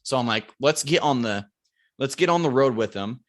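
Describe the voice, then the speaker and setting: A man, a podcast guest, telling a lively hunting story and acting out what everyone said, swearing freely. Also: medium pitch, normal speed.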